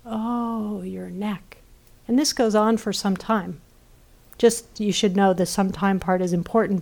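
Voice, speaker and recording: A woman meditation teacher giving a gentle dharma talk, often checking in with listeners and trailing off softly. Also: mid-range voice. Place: retreat center.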